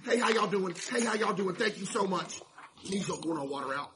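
A man streaming a game, chatting to his viewers in a mock-stressed, animated way. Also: high-pitched, a little fast, background noise. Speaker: streamer playing a laundromat game. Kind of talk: casual gameplay commentary to chat.

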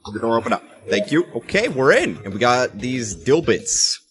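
A man's voice: medium pitch, sing-song, moderate pace, a bit bright. A young man casually commentating his own gameplay, teasing other players and laughing often. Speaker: gameplay streamer.

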